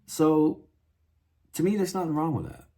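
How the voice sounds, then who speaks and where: A man's voice: a little high, normal speed, over loud music. A man venting in a rambling, frustrated monologue, full of restarts and asides. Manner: frustrated, rambling, many restarts and "you know". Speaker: guitar vlogger.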